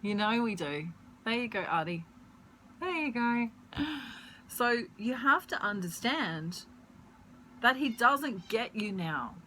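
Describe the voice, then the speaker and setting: A woman giving a casual tarot reading at home, chatty and rambling, pausing to search for words and laughing often. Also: fairly high pitch, expressive, sharp tone, a little hiss or hum, poor audio. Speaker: tarot reader. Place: at home, pet bird nearby.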